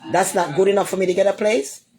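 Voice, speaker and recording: A Jamaican-accented woman talks into a phone during a live stream. Her voice sits at an ordinary middle pitch. She goes around and around the same points and turns combative with her critics. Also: steady tone, quick pace, warm tone. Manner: rambling and repetitive, loops back over the same points; combative, trades blunt insults with commenters. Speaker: livestreamer. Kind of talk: casual live-stream rant.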